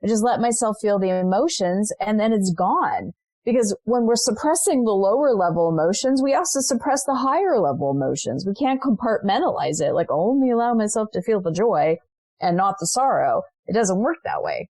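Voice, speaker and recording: A woman's voice: medium pitch, animated, moderate pace, darkish tone, no echo. A middle-aged woman, a coach as podcast guest, telling stories in an earnest, reflective way. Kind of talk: podcast interview.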